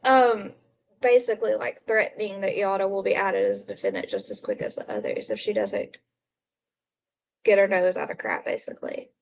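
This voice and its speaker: A woman's voice: medium pitch, animated, normal speed, creaky. A woman hosting a casual livestream from home at night, chatting and giggling with her viewers and talking to her pet. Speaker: livestream host. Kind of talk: casual live chat with viewers.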